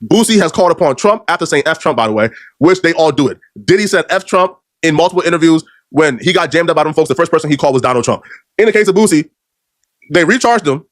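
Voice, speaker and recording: A man rattles off slang-heavy, mocking commentary at a rapid clip, his voice sitting slightly high. The close mic leaves it dry, with no room sound at all. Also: animated, no room sound. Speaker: commentary video host.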